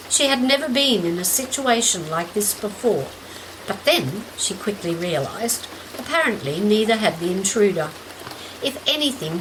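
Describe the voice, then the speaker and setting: Woman narrator, measured and gentle story reading, clear rain sound behind. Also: medium pitch, noisy background. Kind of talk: scripted narration. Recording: steady rain in background.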